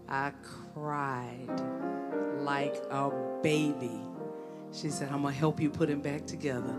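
A woman's voice: low voice, fairly even intonation, slow, loud music behind the voice. A woman telling a tender story about her mother as a tribute at a memorial service. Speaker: daughter giving a tribute.

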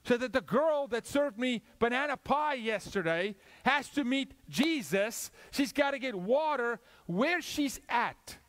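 A middle-aged man preaching a sermon, moving from loud urgent calls to hushed asides, asking questions and acting out short exchanges. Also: extremely high pitch. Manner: asks questions, acts out dialogue. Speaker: guest preacher.

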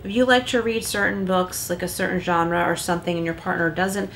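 Chatty lower-voiced woman reading tarot. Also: fairly even intonation, a little fast, fairly bright tone, slight background noise. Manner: chatty, lots of likes and rhetorical rights; acts out little quoted lines. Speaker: tarot card reader. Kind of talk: casual tarot reading talk.

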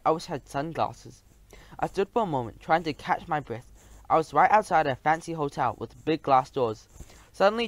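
Man, storybook narration, lively, expressive, slightly high voice. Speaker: audiobook narrator.

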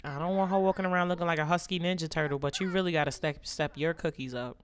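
A woman's voice: low voice, fast talker, hardly any pauses, slight background noise. Sassy woman voicing game commentary. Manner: sassy, joking running commentary. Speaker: gaming channel host. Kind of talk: let's play commentary.

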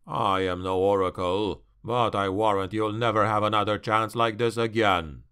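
A man voicing a scornful, deep-voiced dark elf warlord. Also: steady tone, moderate pace, clear, resonant tone.

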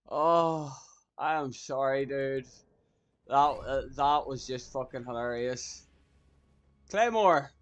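A man giving excitable live gameplay commentary, laughing often and swearing casually. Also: mid-range voice, takes it slowly, pauses often, lo-fi sound, a little hiss or hum. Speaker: gaming YouTuber.

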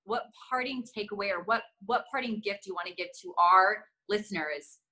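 A woman's voice: mid-range voice, brisk, pushed and bright, low-quality recording. A woman hosting a podcast, asking long enthusiastic questions in casual chat. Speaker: podcast host.

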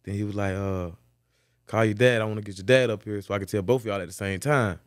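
Man, casual storytelling, profane, animated, dry close mic. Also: quick pace, clean tone, dry recording. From Florida. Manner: profane, animated storytelling, repeats "boom" as a beat. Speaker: guest, former football player.

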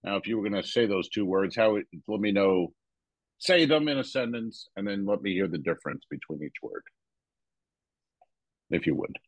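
A man tells a comedic story on a podcast, his pitch rising and falling freely as he talks. His speech is halting and full of fillers, and the close mic keeps the sound dry. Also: no room sound. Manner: animated, halting anecdote-telling with fillers. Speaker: podcast co-host.

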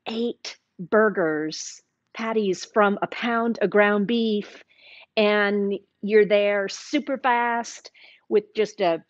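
A woman with a Southern US accent chats her way through a live cooking stream, unhurried and drawn out. She is enthusiastic and sometimes talks with her mouth full. The sound is dry and a little dull. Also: medium pitch, no room sound. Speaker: cooking show host. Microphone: sits with a microphone.

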